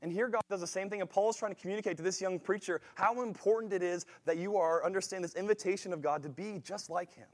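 A man preaching a sermon in a conversational way, thinking aloud with frequent restarts and swinging from quiet asides to emphatic rises. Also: sits high, fast talker, hardly any pauses.

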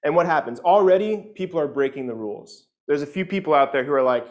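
A young man giving a casual sermon, reading scripture aloud and retelling it in plain chatty words, with lots of "like" and quick asides. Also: mid-range voice. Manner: conversational, many "like"s and asides, slips into quick voices for people in the story. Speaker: pastor.

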